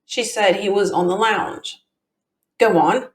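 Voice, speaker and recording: A woman reading the answers of a plain-spoken man giving testimony, in an even, matter-of-fact way, with a tinny, echoey sound. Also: mid-range voice, slow pace, natural voice. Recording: tinny echoey home recording.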